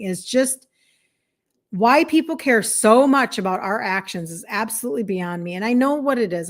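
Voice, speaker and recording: Chatty encouraging woman in her fifties. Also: mid-range voice. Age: 50s. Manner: chatty, encouraging, many fillers. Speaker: health coach hosting a live stream. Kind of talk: casual live-stream chat, reading viewer comments.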